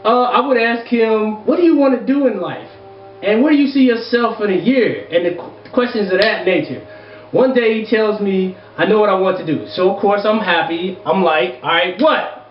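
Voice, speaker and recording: A man hosting an advice show, reading viewer letters aloud and breaking into loud, exasperated, profane rants. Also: sits high, recorded from a distance, slight background noise. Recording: echoey room, dull lo-fi sound.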